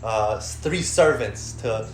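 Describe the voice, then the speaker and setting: A man voicing a clever, sly folk trickster, talking smoothly and persuasively in a plain voice. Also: fairly low pitch, lively intonation, slow pace, reverberant, soft background music.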